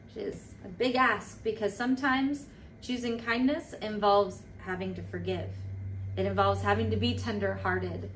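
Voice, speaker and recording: A woman in her thirties giving a casual devotional talk as a church leader, animated and playful, with quick asides. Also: medium pitch. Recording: recorded from a distance with faint noise.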